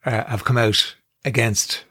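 A man in his fifties with an Irish accent hosts a radio talk show. His voice is mid-pitched and recorded dry and close. He chats conversationally and pauses now and then to think. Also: fairly even intonation, sharp tone, breathy edge, no room sound. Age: 50s. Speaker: radio host. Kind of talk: casual chat.

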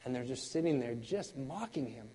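A man preaching a sermon, swinging between loud exclamations and quiet intensity, with laughing conversational asides. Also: medium pitch, lively intonation, normal speed, slightly rough, poor audio. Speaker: pastor.

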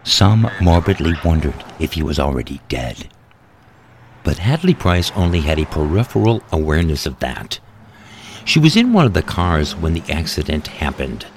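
A man reading his own short story aloud in a steady, measured narration. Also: extremely low pitch, a little hiss or hum. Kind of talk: scripted narration. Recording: narration with music underneath.

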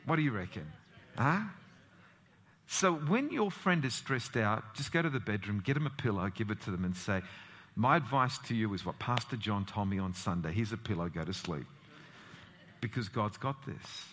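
Animated man preaching a sermon. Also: moderate pace. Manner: animated preaching with dramatic pitch swings and rhetorical questions. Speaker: pastor.

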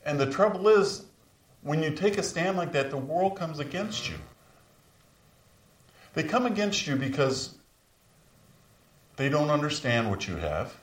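Very animated yet unhurried, a pastor in his sixties leaves long pauses as he preaches through stories, his voice climbing for emphasis. The room is echoey and he sounds far from the mic.

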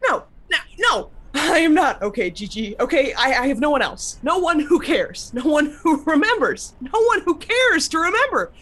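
A woman's voice: high-pitched, big pitch swings, normal speed, hardly any pauses, a bit bright. A woman voicing a bitter, self-loathing young male writer in an audio drama, anguished, her voice climbing and breaking. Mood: despairing.

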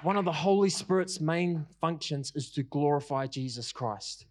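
A man's voice: fairly high pitch, moderate pace. A man preaching a passionate sermon, repeating his lines for emphasis and using casual fillers. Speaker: pastor.

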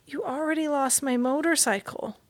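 A woman's voice: high-pitched, normal speed, pitched above the performer's own voice, close to an everyday voice. Woman doing a feverish, mumbling young boy. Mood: drowsy. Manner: drowsy, mumbling.

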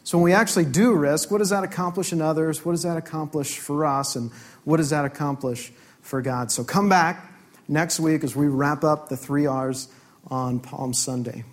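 A man's voice: fairly high pitch, moderate pace. A man preaching a sermon in church, earnest, repeating key phrases and acting out prayers in his own voice. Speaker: pastor.

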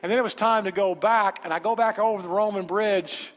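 A man preaching a sermon in a large church sanctuary, telling a personal story with animated energy and then moving into an emphatic altar call. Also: sits high, brisk. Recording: reverberant sanctuary with faint music.

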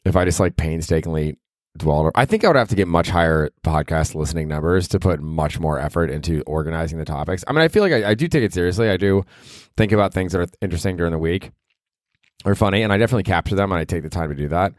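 A man with a very low voice talks alone into a mic, rambling loosely and making fun of himself, with the odd swear tossed in. The sound is dry and close, with no room around it. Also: fast, no room sound. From Cleveland, Ohio. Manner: rambling, self-deprecating, swears casually. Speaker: podcast host. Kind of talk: solo podcast monologue.

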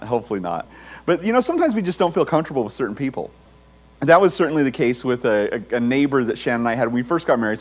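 A man in his forties, a pastor, preaching a sermon and telling stories with humor. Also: medium pitch. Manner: storytelling with humor, lively.

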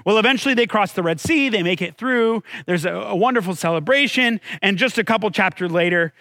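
With a high, sharp-toned voice that moves a little fast, this pastor delivers a conversational sermon, questioning his listeners and dropping his voice dramatically as he tells the story. The recording has no room sound.

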